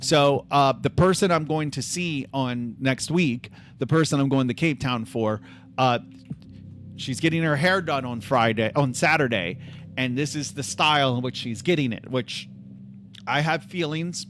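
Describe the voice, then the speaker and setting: A man's voice: medium pitch, unhurried, a bit bright, a little hiss or hum. Joking, rambling male streamer. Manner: rambling, joking, self-deprecating. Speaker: livestream host. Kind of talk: casual livestream chat.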